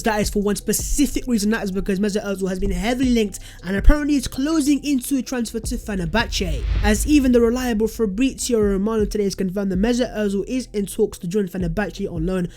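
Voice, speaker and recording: Animated, sarcastic football-fan voice. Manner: animated and sarcastic, with sudden jumps in pitch and loudness. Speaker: football transfer news YouTuber. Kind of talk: fan commentary vlog.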